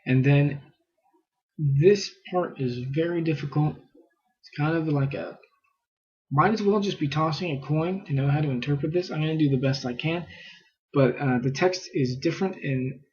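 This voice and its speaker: A man's voice: on the high side, darkish tone, slightly rough, dull audio. A man giving a casual scripture lesson, thinking aloud with fillers and reading passages aloud. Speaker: scripture teacher.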